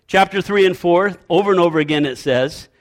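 A man's voice: high voice, fairly quick. A man preaching a sermon as pastor, repeating his key phrases emphatically and leading the congregation in call-and-response.

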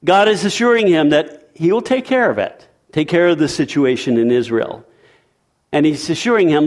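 A man preaching a sermon, animated, emphatic and conversational. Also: a little high, normal speed. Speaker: pastor.

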